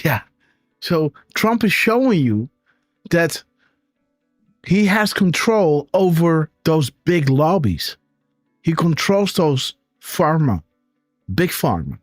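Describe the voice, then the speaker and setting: Male host, slow emphatic commentary, keeps saying "right?", dry sound. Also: fairly high pitch, sing-song, no room sound, soft background music. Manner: tags sentences with "right?", emphatic. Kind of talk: live commentary show.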